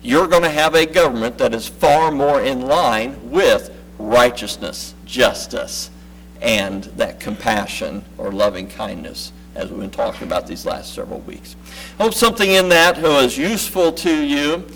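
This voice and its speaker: A man preaching a sermon. He speaks in short rhythmic phrases, repeating words for weight, climbing high and loud to press a point and then dropping low and quiet. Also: expressive, measured pace, a little hiss or hum, poor audio. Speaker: pastor.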